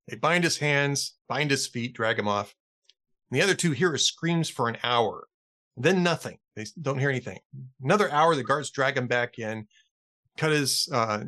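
A man hosting a podcast, chatting casually and telling a joke like an animated storyteller. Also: mid-range voice. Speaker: podcast host.

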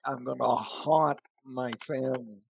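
Man, guest commentator, casual chat, wry, husky voice, dry close sound. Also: medium pitch, fairly even intonation, unhurried, dry recording, low-quality recording.

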